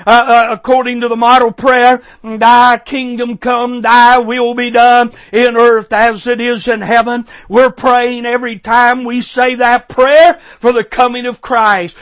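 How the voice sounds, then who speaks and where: A man preaching a sermon with fervor, sometimes stumbling and restarting, then building to shouted emphasis. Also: very high voice, no echo. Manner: halting restarts while he gathers thoughts. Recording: dull lo-fi recording.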